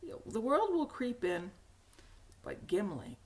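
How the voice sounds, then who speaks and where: A middle-aged woman with a hoarse, cracky voice, hosting a knitting podcast in a rambling, casual chat with frequent laughs. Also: fairly high pitch, very animated, measured pace. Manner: chatty, rambling, laughs often. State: hoarse, frog in throat.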